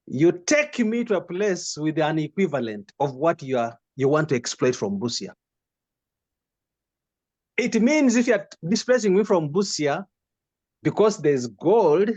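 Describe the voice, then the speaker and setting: A man with a Ugandan English accent giving an impassioned political commentary, driving his points home with emphatic, stacked rhetorical questions. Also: a little high. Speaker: guest commentator.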